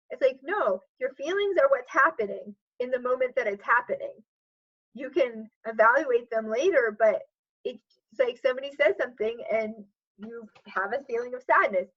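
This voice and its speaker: A woman's voice: fairly high pitch, normal speed. A woman coach as a podcast guest, talking earnestly and reflectively in casual conversation, with many "like" and "sort of" fillers. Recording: dull lo-fi audio.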